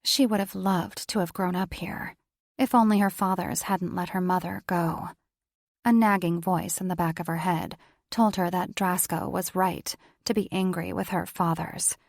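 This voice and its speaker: A woman narrating a paranormal romance audiobook in measured, steady storytelling. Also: fairly low pitch, vocal fry, no echo, clean studio sound. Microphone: studio microphone.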